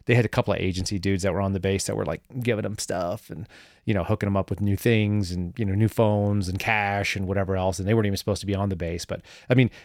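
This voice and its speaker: A man's voice: low voice, fairly even intonation, quick pace, darkish tone, dry recording, studio quality. A man, a former government analyst, telling a story as a guest in a casual interview, rambling and wry with lots of fillers.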